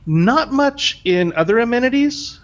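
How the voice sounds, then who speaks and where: A man's voice: very high-pitched, lively intonation, unhurried, lo-fi sound. A man co-hosting a podcast, speaking casually and hesitantly with lots of ums. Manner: hesitant, many ums and repeated words. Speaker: podcast co-host.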